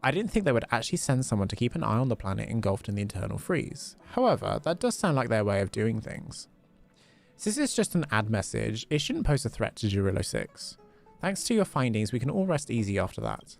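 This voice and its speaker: A calm older male mentor, read aloud by a man who is explaining things in a plain, even way. The voice is gravelly and moves around in pitch. Soft game music plays in the background. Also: a little fast.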